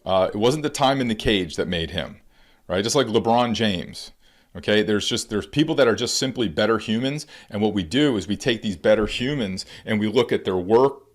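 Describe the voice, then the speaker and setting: A man's voice: fairly low pitch, normal speed. A man giving a conversational instructional talk to parents as a baseball coach and educator, acting out quotes as he goes. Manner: animated, conversational, acts out quotes.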